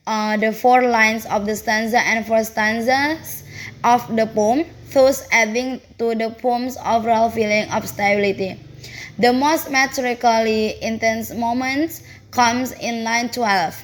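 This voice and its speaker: A woman reading out a prepared analysis of a poem, in a careful, halting way with fillers and self-corrections. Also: on the high side.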